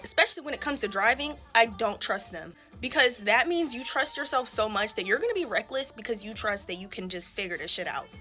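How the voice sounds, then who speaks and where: A young woman talks bluntly in a casual get-ready-with-me chat, her voice bright and forceful and set a little high. She swings freely from wry asides into loud, animated bursts. Faint music plays behind her. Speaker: beauty vlogger.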